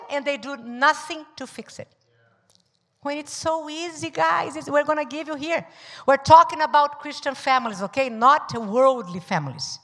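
High-voiced woman preaching in a reverberant church. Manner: animated, acts out little scenes, laughs often, shouts at times. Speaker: pastor preaching with her husband. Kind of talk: sermon. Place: church hall. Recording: long hall reverb in a church.

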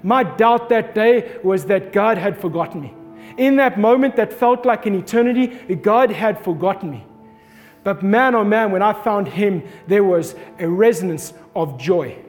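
A pastor in his thirties, his voice high for a man, preaches a sermon built on a personal story, expressively acting out his own shouts at a moderate pace. The long reverb of a hall rings around him, with faint music underneath.

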